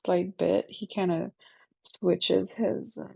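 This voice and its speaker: A woman's voice: fairly low pitch, steady tone, slow pace, vocal fry, darkish tone, husky, no room sound. A woman chatting casually on a stream, speaking hesitantly and trailing off. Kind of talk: casual chat.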